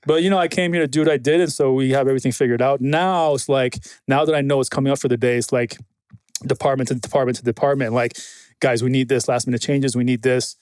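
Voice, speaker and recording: Male podcast guest, mid-pitched, animated, foul-mouthed storyteller, dry close mic. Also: fast talker, smooth, no echo. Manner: animated storyteller, swears freely, quotes others. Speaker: guest, military film consultant. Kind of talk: casual podcast conversation.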